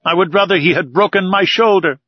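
A man's voice: high voice, brisk, no room sound, voice pushed up. A man voicing an earnest, devoted young manservant who respectfully calls his master sir. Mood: alarmed. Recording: dull, dry recording.

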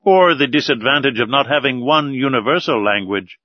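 A man reading aloud as a calm, philosophical adult male servant, speaking in a placid, matter-of-fact way. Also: medium pitch, moderate pace, no room sound, lightly acted. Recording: dull, lo-fi recording.

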